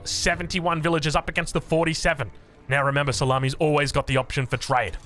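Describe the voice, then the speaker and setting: A man with an Australian accent casting a strategy game match with excitable, quick play-by-play commentary full of restarts. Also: on the high side, soft background music. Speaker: esports caster.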